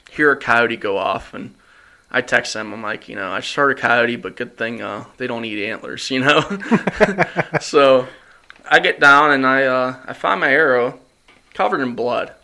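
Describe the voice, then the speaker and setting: Animated man telling a hunting story. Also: medium pitch. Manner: animated storyteller, acts out quotes, laughs often. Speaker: podcast host. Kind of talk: casual hunting story chat. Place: studio.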